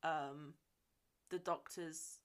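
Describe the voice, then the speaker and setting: A woman's voice: deep voice, steady tone, extremely slow. A woman co-hosting a podcast, casually recapping a film, swearing freely and laughing as she retells it. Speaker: podcast co-host.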